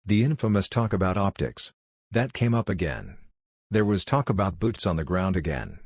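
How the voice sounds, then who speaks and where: A man reading a government report aloud in a steady, measured way. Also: sits low, husky, dry recording, clean studio sound. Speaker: report reader.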